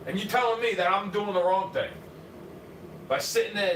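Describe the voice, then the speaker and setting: A high-pitched man with a New York accent rants and swears through a combative livestream monologue, speaking at a moderate pace with long pauses and swinging between muttering and shouting. He sits far from the mic, so the recording sounds roomy and off-mic, with faint ambience and slight background noise.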